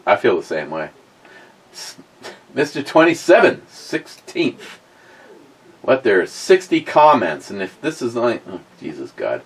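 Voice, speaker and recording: Crude, animated man reading live chat. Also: medium pitch, a little slow, breathy edge, rough recording. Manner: crude, joking, rambling with frequent fillers. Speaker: beer review livestream host. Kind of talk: casual live chat, reading viewer comments aloud.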